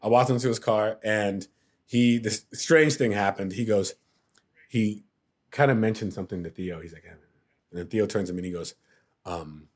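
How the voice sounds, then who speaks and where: A man's voice: lowish voice, normal speed, a little mellow. A middle-aged man telling a story as a podcast guest, acting out quotes and sound effects as he goes. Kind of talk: casual storytelling.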